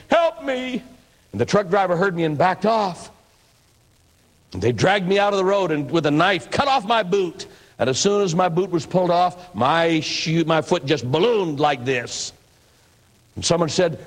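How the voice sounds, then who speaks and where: An older man from Idaho, an evangelist preacher, telling his life story in a sermon with folksy, animated delivery and acted-out quotes. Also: fairly high pitch. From Idaho, USA.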